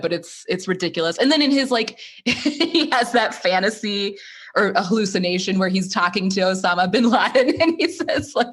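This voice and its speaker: A woman's voice: mid-range voice, fairly bright tone. A woman guest on a podcast, chatting casually about films and laughing often as she talks. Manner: giggly, laughs often while talking. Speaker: podcast guest, film enthusiast. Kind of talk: casual interview chat.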